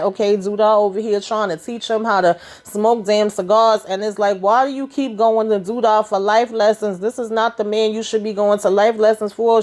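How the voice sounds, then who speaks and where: A woman, casually recapping a TV episode in a sassy, chatty way and acting out the characters' lines. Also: medium pitch. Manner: chatty, sassy, retells scenes in voices. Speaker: TV recap vlogger.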